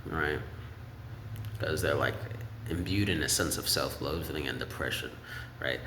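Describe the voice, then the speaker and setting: A music commentator with a bright, pushed voice at a measured pace casually breaks down song lyrics, rambling and thinking aloud. He sings snippets of the lyrics in falsetto. The recording has a little hiss or hum and comes from an echoey room with faint ambience.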